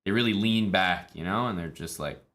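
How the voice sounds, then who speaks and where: A man from Canada, streaming chess in a relaxed, chatty way with many fillers. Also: lowish voice, a little fast. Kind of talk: casual live-stream commentary.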